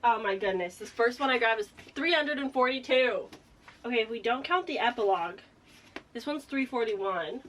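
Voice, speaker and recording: A young woman chatting casually as a book vlogger, excitable and laughing often, a little out of breath. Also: on the high side, moderate pace. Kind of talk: casual vlog chat.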